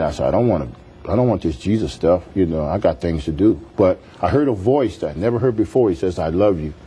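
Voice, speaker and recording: Man, very deep and mellow, earnest storyteller, faint music under him. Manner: earnest storytelling, acts out quoted voices. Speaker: pastor, guest telling his testimony. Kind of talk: testimony in a TV interview.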